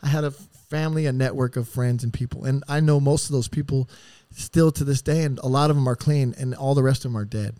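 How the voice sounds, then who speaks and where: A man's voice: medium pitch, steady tone, fairly quick, few pauses, warm tone, no room sound. A man telling stories as a podcast guest in a casual, rambling way, with heavy swearing and streetwise slang. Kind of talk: casual storytelling.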